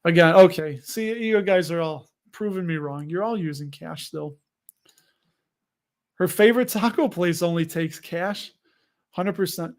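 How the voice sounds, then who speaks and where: A man with a high, light voice hosts a casual livestream. He rambles and jokes freely with his viewers. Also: unhurried. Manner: chatty, jokey, rambling. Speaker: host.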